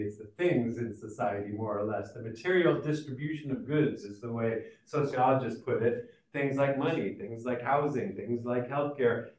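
Man teaching a college sociology class, chatty and searching for words, heard from a distance in a reverberant room. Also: mid-range voice. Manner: conversational, many fillers and restarts. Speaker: sociology lecturer. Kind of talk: recorded college lecture. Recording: echoey room, mic at a distance.

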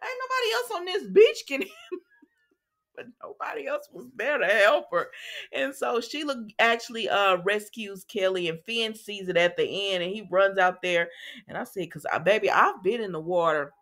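A woman recaps soap episodes in a loose, chatty way, acting out the lines and breaking off to talk to her viewers. Her voice sits in a middle pitch, and she keeps the talk casual. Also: normal speed. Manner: chatty, animated retelling with asides to viewers. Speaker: soap opera recap host. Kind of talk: casual chat.

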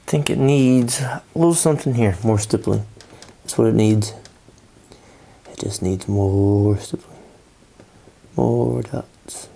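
A drowsy man talks through his doodling in a loose, rambling way, trailing off and restarting. His voice is heavy with gravelly fry and a husky edge, low and mellow in tone. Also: slow pace, long pauses. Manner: rambling, drowsy, lots of fillers and trailing thoughts. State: sleepy, yawning. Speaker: artist doing doodle commentary. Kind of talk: casual rambling commentary while drawing.

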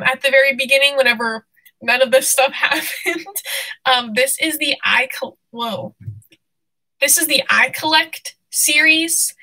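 Excitable breathless young woman live-streaming. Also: high voice, rough recording. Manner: bubbly, excitable, giggly. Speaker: vlogger hosting a live stream. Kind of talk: casual live-stream chat.

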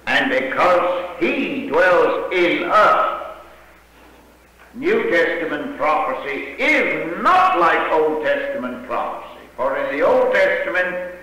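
Slow older preacher in an echoing hall. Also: male voice, on the high side, big pitch swings, sharp tone. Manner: slow, dramatic retelling with quoted dialogue. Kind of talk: sermon storytelling. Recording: echoey hall with long reverb.

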